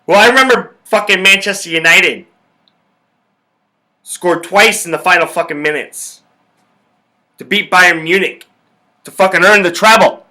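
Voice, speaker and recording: Young guy ranting about football, swears a ton, bright sharp voice. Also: high voice, a little slow, pauses often. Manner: profane, ranting, fired up. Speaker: podcast host. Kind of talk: casual sports talk.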